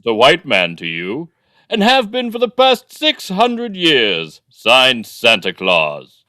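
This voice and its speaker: A podcaster putting on a booming, mocking old Santa Claus voice to read a letter aloud, laughing as they go. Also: wildly swooping pitch, slow pace, no room sound, clean studio sound, exaggerated voice. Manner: loud, mocking, laughing through the words. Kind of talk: comic dramatic reading.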